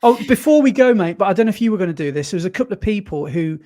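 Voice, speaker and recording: A man from the UK talks casually on a podcast, rambling with fillers and quick restarts. His voice sits a little high for a man. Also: expressive, warm tone. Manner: chatty, enthusiastic, many fillers and restarts. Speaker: podcast co-host. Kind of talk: casual chat.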